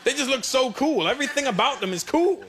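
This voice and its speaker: Brash stand-up comic, high voice. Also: male voice, animated, quick pace. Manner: brash, teasing, chatty with the crowd. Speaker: stand-up comedian. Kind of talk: stand-up comedy routine. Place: live comedy stage. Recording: live show with loud audience noise.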